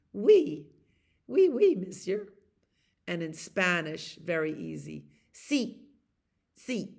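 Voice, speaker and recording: A woman librarian reading a bedtime picture book aloud to children in a gentle, soothing way. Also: lowish voice, creaky.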